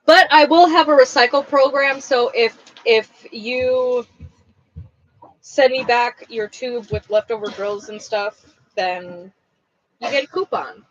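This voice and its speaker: A woman's voice: on the high side, takes it slowly, no echo, dull audio. A woman who owns a craft shop, chatting casually on a livestream while she packs orders, rambling and blunt.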